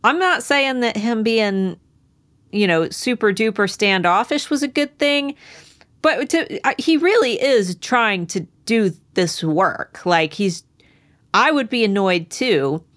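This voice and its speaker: A woman's voice: fairly high pitch, expressive, slow, a bit bright. A woman co-hosting a book podcast who recaps the chapters in a chatty, rambling, amused way. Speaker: podcast co-host.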